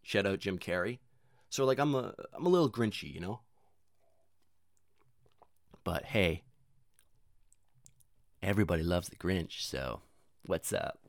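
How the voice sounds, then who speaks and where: A man's voice: low voice, expressive, a little slow, vocal fry, pauses often, dry recording, studio quality. A young man rambling casually and profanely in a self-deprecating monologue, full of fillers and restarts.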